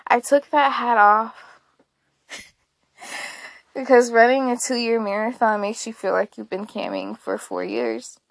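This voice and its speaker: A woman's voice: fairly high pitch, steady tone, slow pace, gravelly, pauses often, no room sound. A woman hosting a casual solo podcast, talking candidly and rambling, often laughing and swearing along the way. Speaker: podcast host.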